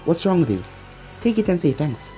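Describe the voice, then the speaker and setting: Sakura, a narrator doing a brisk young ninja medic. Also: medium pitch, very animated, warm tone, faint music behind, lightly acted. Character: young female ninja medic, busy and short-tempered.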